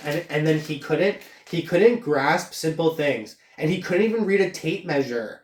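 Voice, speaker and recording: A man with a fairly high voice rants in a rambling, profanity-laced tirade, his anger building as he goes. He is recorded a little away from the mic in an echoey room. A faint hum of room ambience sits behind him. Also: measured pace, distant mic. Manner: angry, rambling, heavy swearing. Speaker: vlogger venting about job loss. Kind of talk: profane venting monologue.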